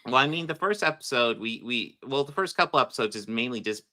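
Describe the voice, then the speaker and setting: A man's voice: medium pitch, animated, fast, bright, forceful tone. A man hosting a casual chat about a TV series, rambling, swearing and laughing often.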